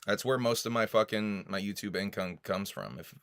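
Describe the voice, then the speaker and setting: Male livestream host: low voice, dry sound, casual and profane, with frequent coughs. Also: normal speed, fairly bright tone, dry recording.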